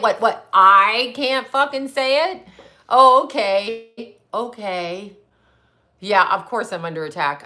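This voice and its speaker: A woman's voice: medium pitch, bright, forceful tone. A middle-aged woman hosting a livestream, ranting bluntly and with a lot of swearing. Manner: blunt, profane, indignant. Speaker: livestream host. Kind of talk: casual livestream rant.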